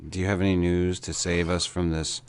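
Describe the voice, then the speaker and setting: A man's voice: deep voice, level tone, clear, resonant tone. A man hosting a casual podcast chat, joking and swearing freely, often restarting his sentences. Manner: joking, profane, halting restarts. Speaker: podcast host.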